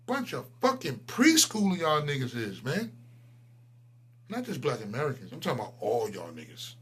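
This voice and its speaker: A man in his forties, a channel host, delivering a profane, heated ranting monologue that swings between loud outbursts and low mutters. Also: wildly swooping pitch, normal speed, husky. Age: 40s.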